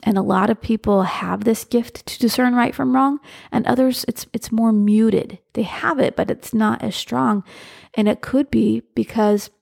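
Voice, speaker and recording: A woman's voice: on the high side, fairly even intonation, a little slow, vocal fry, a little mellow. A woman hosting a podcast, speaking earnestly in casual solo talk, with frequent restarts as she tells a personal story. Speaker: podcast host.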